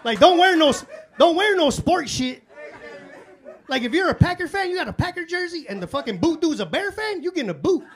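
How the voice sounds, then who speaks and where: A man doing live stand-up comedy in a club, telling stories in a profane, excitable way. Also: extremely high pitch, fairly quick. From Chicago. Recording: live club with audience laughter. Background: crowd laughter and room noise.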